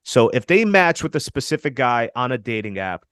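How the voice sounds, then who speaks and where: A man's voice: medium pitch, big pitch swings, moderate pace, a bit bright, dry recording, clean studio sound. A man co-hosting a podcast, giving dating advice in an emphatic, coaching way and calling his listeners fellas. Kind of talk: casual podcast chat.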